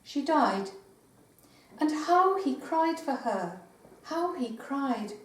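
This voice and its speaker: An older woman poet giving a live poetry reading in a meeting house, with measured recitation and hesitant spoken asides. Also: high-pitched, lively intonation. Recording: roomy live recording from far off.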